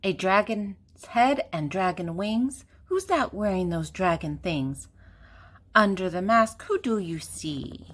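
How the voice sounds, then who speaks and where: A woman's voice: mid-range voice, expressive, takes it slowly. An older woman reading a children's picture book aloud, with a playful sing-song delivery and fun animal sounds.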